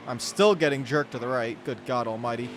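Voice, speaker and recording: A gaming channel host with a mid-range male voice talks briskly over his own racing gameplay, rambling and cutting himself off in exasperated, frustrated rants. The background is noisy, filled with game music and car engine sounds.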